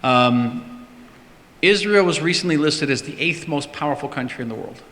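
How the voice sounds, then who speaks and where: A man's voice: a little high, expressive, moderate pace, a bit bright. A man answering audience questions in a public talk, emphatic and often repeating words for stress. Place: synagogue hall. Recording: long hall reverb.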